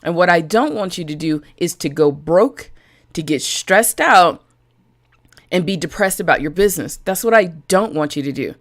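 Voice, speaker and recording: A woman's voice: lowish voice, expressive, normal speed. A woman business coach talking directly to live-stream viewers, chatty and frank, greeting people by name as she goes.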